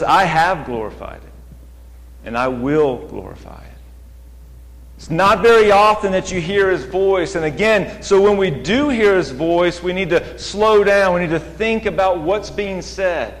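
A man preaching in a church sanctuary, speaking slowly and deliberately with a slightly raised voice. He lingers over scripture quotes and climbs higher as he presses a point. The sound carries a long hall reverb. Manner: measured, slows down for scripture quotes, builds in pitch when emphatic. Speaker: guest preacher. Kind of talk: sermon.

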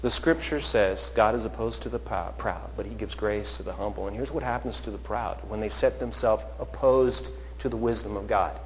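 A man preaching a sermon as pastor, conversational, asking his congregation rhetorical questions and moving between louder and softer passages. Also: lowish voice, fairly even intonation, normal speed, few pauses, a little hiss or hum. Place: church sanctuary. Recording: long reverb of a large hall.

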